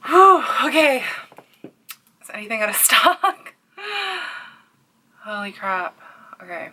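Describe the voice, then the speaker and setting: A woman's voice: a little high, sing-song, slow pace, bright, forceful tone, slight background noise. A young woman from Canada with a Newfoundland accent, talking in a casual home vlog about her crochet business, breathless and overwhelmed, sighing and dropping to near-whispers. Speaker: crochet artist and small business owner.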